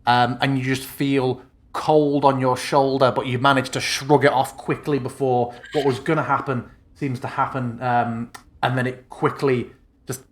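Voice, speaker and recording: A man narrating as game master in a casual, loose way, pausing with ums while he checks rules. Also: medium pitch, flat delivery.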